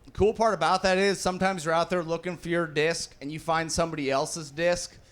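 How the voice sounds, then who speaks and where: A man's voice: fairly high pitch, steady tone, fairly quick, a bit bright. A man in his thirties doing a casual stand-up set on a club stage, swearing freely and acting out the voices of the people in his stories. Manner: casual, swearing, acts out quotes. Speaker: stand-up comedian. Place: comedy club stage with live audience.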